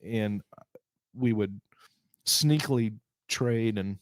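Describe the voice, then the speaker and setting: A man's voice: lowish voice, no echo. Easygoing man co-hosting. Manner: easygoing, quick agreeing replies. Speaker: podcast co-host. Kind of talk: casual chat.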